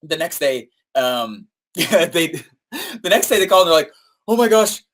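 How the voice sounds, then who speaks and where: Animated man teaching with higher pitch. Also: measured pace. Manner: animated storytelling, acts out quoted voices; frequent fillers and "right?" tag questions. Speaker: marketing coach. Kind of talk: live-streamed teaching talk.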